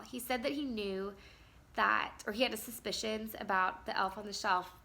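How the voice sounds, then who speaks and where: A woman's voice: mid-range voice, gravelly, pushed and bright, a little hiss or hum. A woman in her thirties casually telling a story as a vlogger and mom, chatty and rambling with many fillers.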